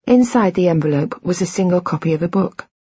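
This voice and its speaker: Woman narrator, very husky voice, lowish pitch, measured reflective audiobook reading, muffled dry recording. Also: lively intonation, warm tone, no echo. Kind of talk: first-person audiobook narration.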